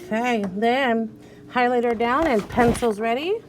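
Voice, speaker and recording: A woman's voice: fairly high pitch, a little slow, background noise. A woman teacher leading young children through a reading lesson, patient and coaxing, sounding out letters one at a time.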